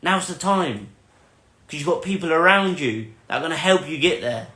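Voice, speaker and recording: A man's voice: on the high side, expressive, moderate pace, sharp tone, roomy sound. A man in his thirties telling a personal motivational story in an emphatic, earnest way, repeating phrases for effect. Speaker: motivational vlogger.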